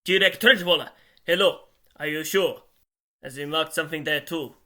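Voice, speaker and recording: Sharp insistent woman, as a male reader puts her on, bright and pushy. Audiobook. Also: on the high side, steady tone, normal speed. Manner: insistent, emphatic.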